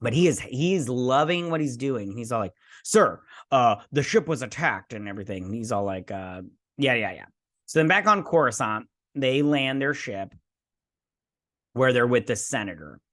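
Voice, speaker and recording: A man's voice: medium pitch, expressive, moderate pace, fairly bright tone. Rambling male show reviewer. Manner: rambling, loose play-by-play with sound effects. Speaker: host. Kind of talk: casual episode recap and review.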